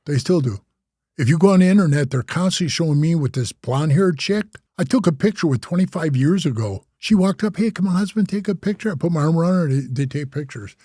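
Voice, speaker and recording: A man's voice: a little high, animated, fast talker, warm tone, no echo, clean studio sound. An older man telling stories in a casual interview, loose and profane, slipping into voices when he retells what people said. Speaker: interview guest.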